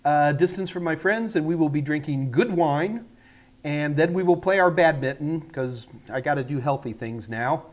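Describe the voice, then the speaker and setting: In a casual livestream chat, an older man from the United States runs a live tech Q&A, his slightly high voice moving at normal speed. He rambles along, chatty and self-deprecating.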